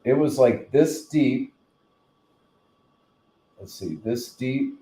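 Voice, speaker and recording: Mellow-voiced New man, rambling. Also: mid-range voice, expressive, very slow. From New Jersey. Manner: rambling, joking storyteller. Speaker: live stream host. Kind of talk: casual live stream chat. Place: home room, in bed. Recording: roomy echo.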